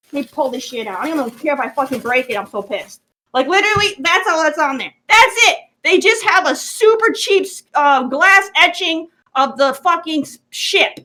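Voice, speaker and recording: A woman's voice: very high-pitched, very animated, moderate pace, pushed and bright. A woman co-hosting a casual podcast, ranting in exasperation and swearing constantly as she shows off items. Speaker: podcast co-host. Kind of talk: profane ranting unboxing chat.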